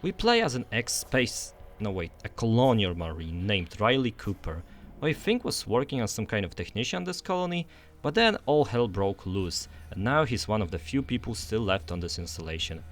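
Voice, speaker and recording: A man's voice: lowish voice, very animated, moderate pace, a little hiss or hum. A young man narrating a scripted game review voice-over in an enthusiastic, conversational way.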